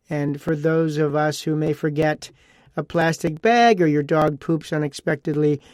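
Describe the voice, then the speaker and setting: A man's voice: fairly high pitch, darkish tone, dry recording. A man hosting a casual solo podcast talks on a close mic. He rambles in a chatty way, repeats himself and adds asides. The sound is dry and close, with no room around him. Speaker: podcast host.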